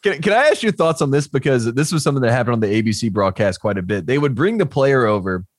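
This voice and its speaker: A man's voice: mid-range voice, quick pace, no room sound. Man in a dry, close sports chat. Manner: animated storyteller, laughs often. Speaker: podcast co-host.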